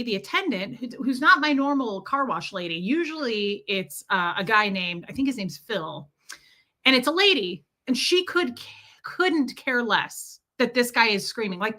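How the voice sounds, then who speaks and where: A woman streamer telling a story to her viewers in a casual, animated way, laughing often and swearing freely. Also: on the high side. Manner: animated, laughing, lots of profanity.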